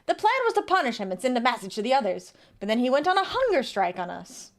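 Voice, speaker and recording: A woman's voice: a little high, very animated, quick pace. Woman reading as a proud boy gang chieftain. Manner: reads game dialogue aloud in a light character voice.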